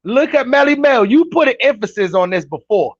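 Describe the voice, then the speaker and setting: A man hosting casual reaction commentary, animated and incredulous, talking straight to his chat. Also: very high-pitched, fairly quick, no echo, lo-fi sound. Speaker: commentary host reacting to clips.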